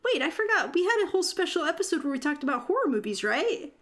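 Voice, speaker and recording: A woman's voice: very high voice, big pitch swings, fast talker, fairly bright tone. A woman co-hosting a podcast in casual chat, rambling with fillers and giggling often. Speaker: podcast co-host.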